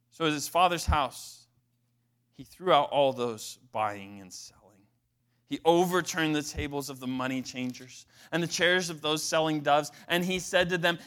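A man's voice: fairly high pitch, moderate pace, a bit bright, smooth. A man preaching a conversational sermon, emphatic, with frequent restarts and asides to the congregation. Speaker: pastor.

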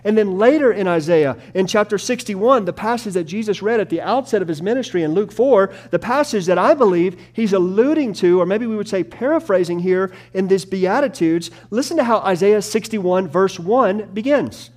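A middle-aged male pastor delivers a sermon in a slightly high voice. He drops into slow, near-whispered tenderness and then rises to loud, emphatic preaching. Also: animated.

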